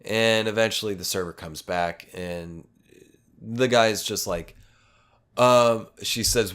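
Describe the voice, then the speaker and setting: A man's voice: on the low side, fairly even intonation, slow, a bit bright. A man hosting a podcast, telling a long story in a rambling, casual way with lots of swearing and self-aware asides. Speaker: podcast host.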